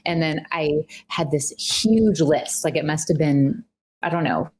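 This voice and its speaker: A woman with a low-pitched voice tells a story as a relationship coach on a podcast, slipping into the voices of the people she quotes. The talk is loose and conversational. A faint hiss sits under her voice. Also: a little slow. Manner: animated, acts out quoted dialogue.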